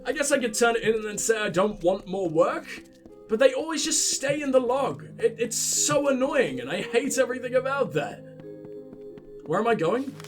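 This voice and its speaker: A man's voice: extremely high pitch, lively intonation, moderate pace, soft background music. A man with a stuffy cold, rambling and swearing sarcastically while commentating his own gameplay. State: congested with a cold or flu. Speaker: let's play host.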